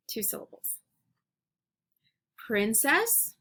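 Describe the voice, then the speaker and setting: A woman teacher leading young children through a phonics lesson, speaking clearly and encouragingly and repeating each word, recorded on a computer at home. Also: medium pitch, lively intonation, background noise. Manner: slow, clear, encouraging classroom delivery with repeated words.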